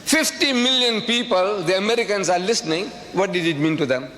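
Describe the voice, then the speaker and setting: A man's voice: sits high, brisk, few pauses, pushed and bright. An older man from South Africa giving an impassioned, rhetorical lecture to a live audience, repeating phrases for emphasis. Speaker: public speaker. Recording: echoey hall with faint hiss.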